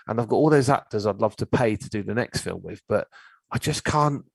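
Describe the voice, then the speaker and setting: A man's voice: fairly low pitch, lively intonation, a little fast, creaky, husky, dry recording, poor audio. A man, telling a story in a blunt, ranting way as a filmmaker guest on a casual chat show. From Cornwall, England.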